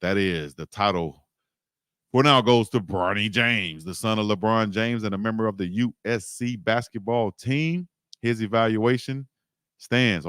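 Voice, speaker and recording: A man from South Georgia, hosting a casual livestream and chatting loosely with shout-outs. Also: lowish voice, clean tone, no room sound, studio quality. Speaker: livestream host.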